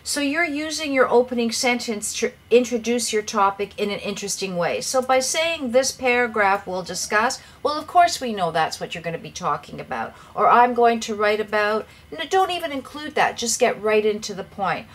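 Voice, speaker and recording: A woman teaching English writing in a clear, measured lesson, giving direct advice to the viewer. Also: fairly high pitch, big pitch swings. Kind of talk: lesson explaining writing tips.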